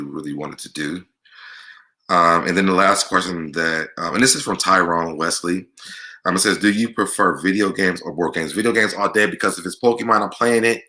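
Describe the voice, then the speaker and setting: A man with a very deep voice and a strikingly bright, sharp edge to his tone. He hosts a casual Q&A vlog and answers viewer questions in a candid, chatty way. His delivery stays loose and conversational throughout.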